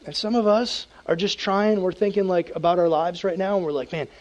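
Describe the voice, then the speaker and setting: A man, a youth pastor, preaching a casual, animated sermon to teens and acting out prayers in a hushed voice. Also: sits high, brisk, dull audio.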